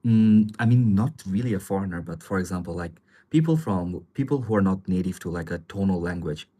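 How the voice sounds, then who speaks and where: Deep, slightly husky man, laid-back livestream host, rambling and chuckly. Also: fairly quick. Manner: relaxed, rambling, chuckles often, many fillers. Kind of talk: casual live chat answering viewer comments.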